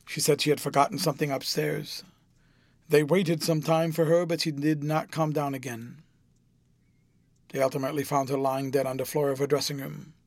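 A man's voice: on the high side, dry recording, close to an everyday voice. A man reading a cynical aristocrat, Lord Henry. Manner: urbane, measured, drawling. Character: worldly older aristocrat, cool, cynical, witty. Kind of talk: audiobook reading.

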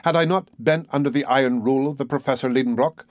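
A man reading a classic novel aloud in a measured, expressive way. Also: medium pitch, no echo, clean studio sound. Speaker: audiobook narrator. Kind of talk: scripted narration of a classic novel.

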